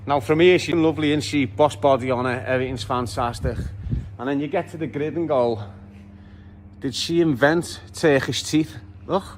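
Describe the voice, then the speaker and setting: With a Liverpool accent and a medium-pitched voice, a vlogger strides through the city's streets, joking cheekily with viewers. He speaks briskly, and there's slight background noise.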